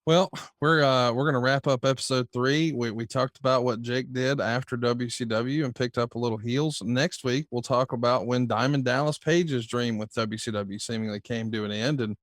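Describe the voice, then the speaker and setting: A man's voice: medium pitch, fairly even intonation, moderate pace, hardly any pauses, no room sound, studio quality. A man acting as host, wrapping up the episode and previewing the next one. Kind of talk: show outro.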